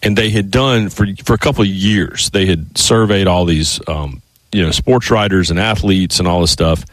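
A man's voice: sits low, normal speed, no room sound. A man hosting sports talk radio in a studio, a rambling storyteller who keeps restarting his sentences.

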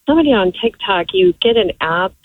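A woman's voice: mid-range voice, animated, fairly quick, husky, no room sound. Radio caller, woman, friendly, tinny phone-line sound. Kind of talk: casual phone call.

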